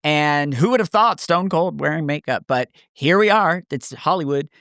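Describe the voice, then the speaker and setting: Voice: medium pitch, expressive, normal speed, a bit bright, no room sound, clean studio sound. A podcast co-host and makeup artist speaking thoughtfully in casual chat.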